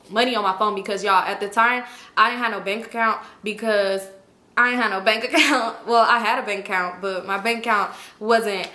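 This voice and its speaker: A woman's voice: medium pitch, steady tone, brisk, pushed and bright. A young woman telling a personal story to her viewers in a chatty, slangy way and often calling them "y'all". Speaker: storytime vlogger. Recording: echoey room.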